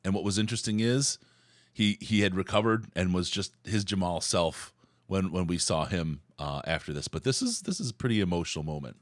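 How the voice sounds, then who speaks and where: A man's voice: low-pitched, brisk, no echo. A man hosting a sports podcast, chatting casually and rambling through his points. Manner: conversational, rambling with restarts. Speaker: podcast host.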